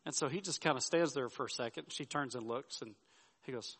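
A man's voice: medium pitch, fairly quick, fairly bright tone. A male pastor preaching a sermon, telling stories with folksy asides and frequent restarts. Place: church sanctuary. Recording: sermon with long hall reverb.

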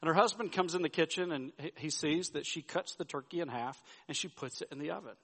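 High-voiced pastor preaching. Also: male voice, quick pace, gravelly, fairly bright tone, breathy edge. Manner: storytelling with folksy asides and repeated restarts. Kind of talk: sermon. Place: church sanctuary. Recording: sermon with long hall reverb.

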